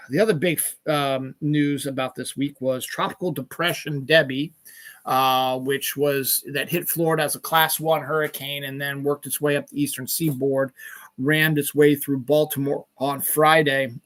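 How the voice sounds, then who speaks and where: A middle-aged man from Maryland hosts a solo podcast monologue. His voice sits a little high and has a bright, forceful edge. He swears constantly, rants, and rambles while hunting for the right word. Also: fairly even intonation, measured pace. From Maryland, USA. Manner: profane, ranting, swears constantly; rambling, searches for words. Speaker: podcast host.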